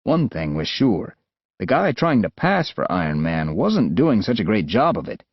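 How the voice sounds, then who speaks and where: A man with an American accent narrating an adventure audiobook in a lively, expressive way. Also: fairly low pitch, moderate pace, slightly rough, dry recording. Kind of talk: scripted narration. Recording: dull, dry studio sound.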